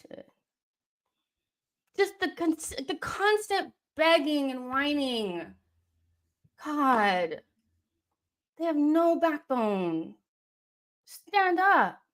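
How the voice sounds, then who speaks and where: A young woman hosting a live football watchalong, reacting with exasperation and yelling at the referee and players. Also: high voice, lively intonation, extremely slow, long pauses.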